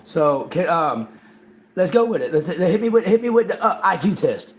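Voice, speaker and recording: A man hosting a livestream in casual chat, excitable and profane, repeating himself and talking over others. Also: high-pitched, moderate pace, slight background noise. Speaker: livestream host.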